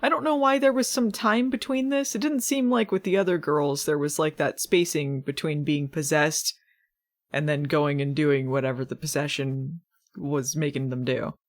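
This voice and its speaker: A woman's voice: deep voice, fairly even intonation, moderate pace. A woman hosting a podcast, recapping a TV episode in casual chat with a wry, sarcastic manner, acting out the characters' lines.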